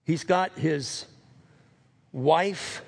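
Gravelly preacher telling a story. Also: male voice, fairly high pitch, very slow. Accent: New Orleans. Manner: animated storytelling, acting out quoted voices. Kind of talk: sermon storytelling.

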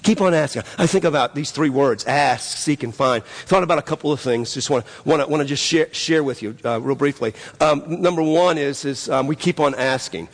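Gravelly preacher man in a reverberant hall. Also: on the high side, a little fast, few pauses. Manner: repetitive, emphatic preaching with many restarts. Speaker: pastor. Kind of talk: sermon. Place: church sanctuary. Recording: long reverb of a church hall.

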